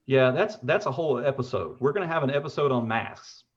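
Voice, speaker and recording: A middle-pitched man in his forties who talks in a loose, rambling way, full of fillers, with a fatherly air. He sounds like he's on a call, and the audio comes through dull and lo-fi. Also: lively intonation, fairly quick. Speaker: umpire equipment seller and mentor. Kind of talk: casual call-in chat.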